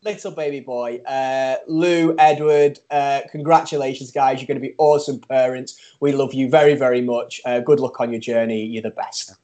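A man's voice: medium pitch, steady tone, moderate pace, few pauses, mellow. A man co-hosting a casual chat podcast, jokey and self-mocking. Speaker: podcast co-host.

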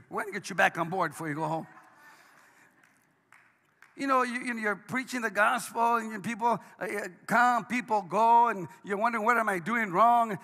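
A high, bright-voiced man preaching a sermon. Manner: dynamic preaching, swings between hushed and shouted. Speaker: pastor. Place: church sanctuary. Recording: long hall reverb.

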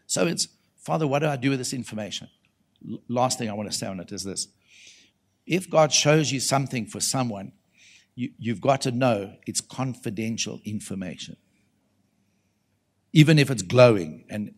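A man delivering a conversational sermon at a conference, with a mid-range voice. He tells stories with animation, acts out the people in them and calls out questions to the congregation. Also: medium pitch. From South Africa. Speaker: prophet preaching at a conference.

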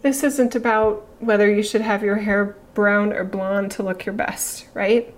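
A middle-aged woman spiritual teacher speaking slowly and haltingly, emotional and near tears, with pauses and sighs. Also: mid-range voice, flat delivery. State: emotional, tearful. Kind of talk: reflective spiritual talk.

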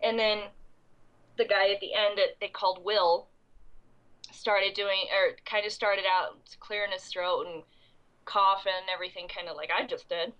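A young woman with a congested, coughing voice tells a rambling story in casual chat. Her pitch sits in the middle, and her talk is full of ums and restarts. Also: fairly even intonation, moderate pace, fairly bright tone, lo-fi sound. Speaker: convention goer recapping the event.

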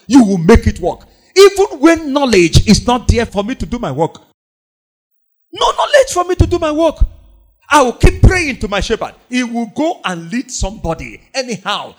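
Lively high-pitched male preacher. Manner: emphatic, repeating lines, quoting scripture. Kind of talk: sermon.

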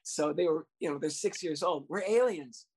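A man telling a comic anecdote from his years as a youth baseball coach. He speaks in an animated way, breaks into laughter and acts out the voices of the people in his story. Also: fairly high pitch, moderate pace, breathy edge.

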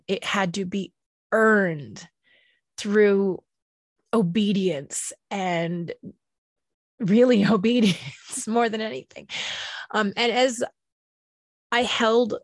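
Woman talking slow and gentle about healing, kinda choked up, dry close sound. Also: medium pitch, no room sound. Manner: gentle, slow and tender, pausing often. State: emotional, near tears. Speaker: speaker sharing personal healing. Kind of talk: reflective personal talk.

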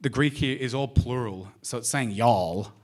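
A man with an Australian accent preaching a sermon, speaking straight to the congregation with lively questions. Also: medium pitch, moderate pace. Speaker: pastor. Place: church service.

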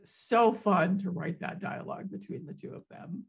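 A woman co-hosting a casual podcast chat about a TV show, excitable and gushing. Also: fairly low pitch, normal speed, vocal fry, husky. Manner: excitable, gushing, laughs often. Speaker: podcast co-host.

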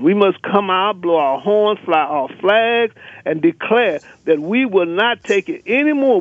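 A male caller comes through a thin, tinny telephone line, his voice pitched fairly high and completely dry. He talks in a fiery, emphatic way, piling up rallying lists as he drives his point home. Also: no echo. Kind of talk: impassioned radio call-in rant.

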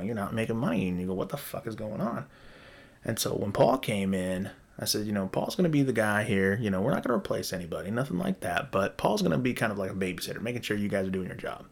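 A man with a fairly low, creaky, husky voice casually tells a long story about his rental properties. He swears freely and animatedly acts out both sides of conversations.

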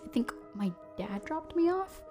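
A woman's voice: high-pitched, very animated, a little slow, a little mellow, faint music behind. A young woman guest on a podcast, talking casually with frequent laughs and fillers. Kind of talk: casual interview chat.

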